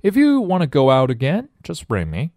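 A man's voice: a little high, huge pitch swings, moderate pace, a little mellow, no room sound, clean studio sound, voice pushed up. A friendly young woman babysitter, voiced by a male storyteller, speaks in a raised, sing-song voice with a slightly distant tone. She stays polite and kind throughout.

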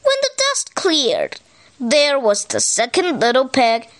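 A woman storyteller reads a picture book aloud with a high voice. She is animated and expressive, her pitch swooping all over, and she takes her time with each line. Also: takes it slowly.

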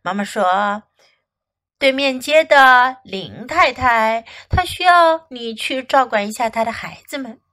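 A woman English teacher reading a children's storybook aloud in two languages, slow and expressive. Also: a little high.

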